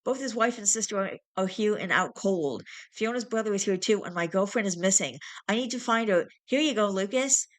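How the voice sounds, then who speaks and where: A woman's voice: medium pitch, animated, a little fast, voice pushed up, close to an everyday voice. A woman voicing an anxious young man urgently searching for someone, in a storybook reading. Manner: urgent, worried.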